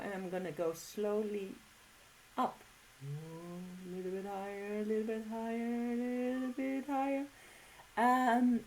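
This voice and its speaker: A woman's voice: mid-range voice, a little mellow, slight background noise, poor audio. A woman explains how to play an instrument in a loose, chatty way. She talks with lots of fillers and restarts, and her tone stays friendly and encouraging throughout. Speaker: didgeridoo teacher. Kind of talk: casual music tutorial.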